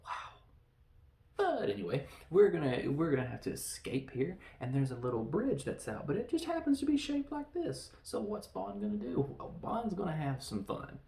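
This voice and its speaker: Gravelly man rambling in a roomy room. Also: on the high side, big pitch swings, moderate pace, dark tone. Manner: joking, self-deprecating, loose. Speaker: podcast host reviewing a film. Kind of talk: casual rambling film review. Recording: roomy echo.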